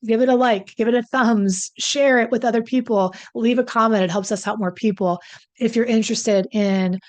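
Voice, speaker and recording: A woman's voice: on the high side, fairly even intonation, moderate pace, a little mellow. A woman relationship coach giving conversational, emphatic advice straight to the viewer, with self-deprecating asides. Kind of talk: direct-to-camera advice talk.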